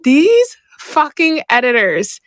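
A woman co-hosting a casual chat show, animated, swearing and laughing often. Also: high voice, slow pace, no room sound, clean studio sound. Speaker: podcast co-host.

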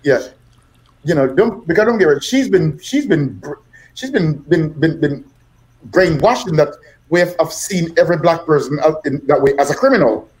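An older man with a British accent tells long stories as a guest on a podcast. His voice sits a bit high for a man, and he repeats words and slips into the voices of the people in his stories. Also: animated, normal speed, darkish tone. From Jamaica. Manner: rambling, repeats words, acts out dialogue. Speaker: guest musician. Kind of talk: storytelling in a podcast interview.

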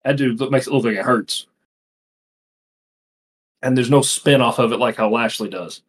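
Husky male co-host, rambling and profane, lots of filler. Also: medium pitch, normal speed. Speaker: podcast co-host. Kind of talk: casual chat.

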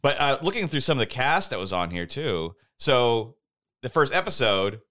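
A man talks casually and loosely, trailing off and circling back. His voice is bright and moves in a lively way, at an average pitch. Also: normal speed, a little hiss or hum. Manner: rambling, hesitant, laughing. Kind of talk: casual chat.

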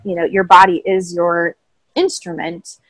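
A woman speaking as a guest in a casual interview, explaining things in a calm, thoughtful way. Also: on the low side, a little slow, no echo, low-quality recording. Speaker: voice coach guest. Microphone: own microphone, remote call.

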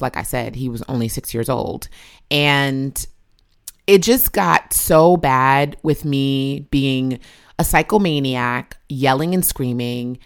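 A woman in her thirties, a mother telling her own story candidly and emotionally. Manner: emotional, confessional, acts out her own past yelling in a shrill voice.

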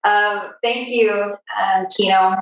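A woman from Canada asking a yoga teacher a long question over a video call. She speaks hesitantly, with many pauses and fillers. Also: medium pitch, steady tone, very echoey, poor audio.

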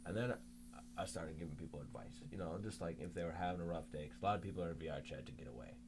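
A young man with a very low voice chats loosely as a podcast guest. He rambles, restarting sentences and leaning on filler words. A steady hum runs under the recording. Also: rapid-fire. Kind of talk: casual podcast chat.

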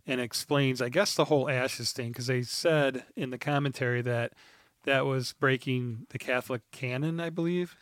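A man's voice: mid-range voice, fairly even intonation, moderate pace, fairly bright tone, no room sound. Laid-back man chatting on a podcast, dry sound. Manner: rambling, reads from notes with many ums. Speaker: podcast co-host. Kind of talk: casual chat.

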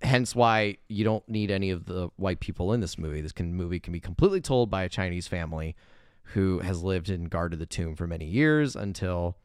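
A man chatting casually in a movie review podcast, rambling with lots of filler words and animated bursts. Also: sits low, brisk, smooth, no echo. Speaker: podcast co-host.

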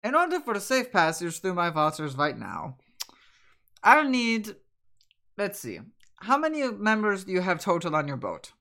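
A woman's voice: mid-range voice, big pitch swings, normal speed, fairly bright tone. A woman voicing a sly male swindler who smiles as he makes threats, mocking and falsely polite. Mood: menacing. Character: sly smiling male pirate extortionist.

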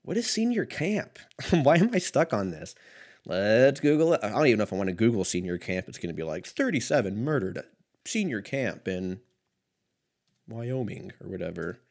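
A man's voice: lowish voice, big pitch swings, normal speed, gravelly, darkish tone. Rambling, swearing man in his thirties. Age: 30s. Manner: rambling, self-mocking, swears a lot, laughs often. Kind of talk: casual solo monologue.

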